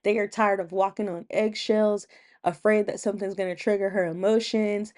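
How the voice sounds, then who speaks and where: A woman's voice: medium pitch, fairly even intonation, normal speed, a little mellow. A woman hosting her own channel, chatting casually through a TV episode recap and acting out the quotes with a laugh.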